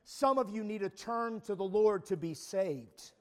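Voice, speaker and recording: A man preaching a sermon at a camp meeting, retelling a story with frequent stammering restarts and rising to shouts. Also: high voice, a little slow. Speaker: pastor.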